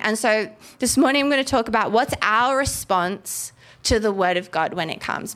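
Animated woman preacher with a fairly high voice, casual sermon delivery. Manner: animated, acts out biblical voices. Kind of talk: casual sermon with scripture reading.

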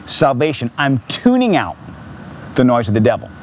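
A man pastor preaching an impassioned sermon in a church, repeating phrases and rising to near-shouts. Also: mid-range voice, sing-song, moderate pace, slight background noise.

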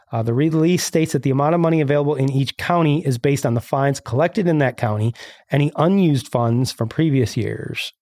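Gravelly sarcastic podcast host. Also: male voice, medium pitch, a little mellow, no room sound, clean studio sound. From Illinois. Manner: sarcastic, ranting. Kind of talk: casual podcast chat reading news.

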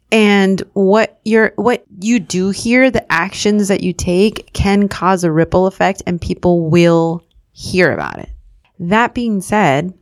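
A woman co-hosting a casual podcast, chipper and quick to laugh. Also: mid-range voice, no echo, clean studio sound. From California. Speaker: podcast co-host.

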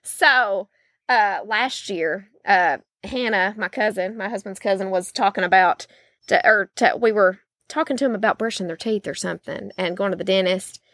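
A woman's voice: medium pitch, normal speed, fairly bright tone, no room sound, studio quality. A woman, hosting a faith-based podcast in a chatty, folksy way with many fillers. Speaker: podcast host.

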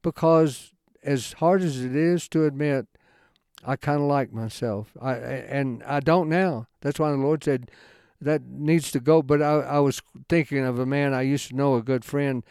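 A man giving an informal Bible study talk in a folksy, rambling way, halting often and restarting his sentences. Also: mid-range voice, darkish tone, smooth, dry recording, studio quality. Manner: folksy, conversational storytelling. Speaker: Bible teacher.

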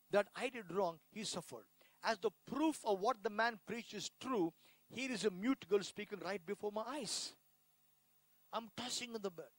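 Indian male preacher, emotional testimony, high voice, close dry sound. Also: dry recording, poor audio. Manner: emotional, repetitive, swings from hushed to loud. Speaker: preacher giving his testimony. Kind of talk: sermon testimony.

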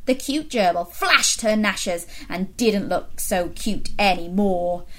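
A woman reading a story aloud for children, animated and pausing to ask them questions. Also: mid-range voice.

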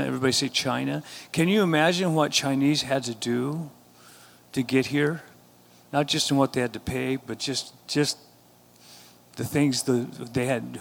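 A man's voice: mid-range voice, gravelly, fairly bright tone, slight background noise. A man pastoring his church, preaching a sermon and rising to emphatic call-and-response exhortations. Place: church sanctuary.

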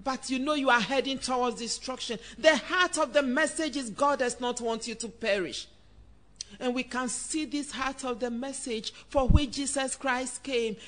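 A woman's voice: high voice, moderate pace, fairly bright tone. A woman preacher, delivering a fervent sermon straight to the listener. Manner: fervent, direct address to the listener.

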